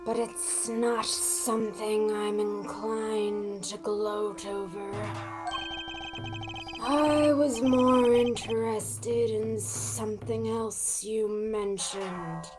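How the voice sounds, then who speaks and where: A woman voicing a calm, menacing male escaped convict, reading game dialogue aloud slowly and quietly. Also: mid-range voice, over music. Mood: measured menace.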